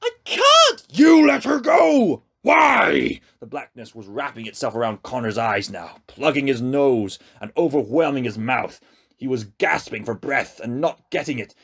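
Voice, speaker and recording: A man narrating a novel aloud with slow, expressive storytelling. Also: mid-range voice, vocal fry, slightly rough. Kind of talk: audiobook reading.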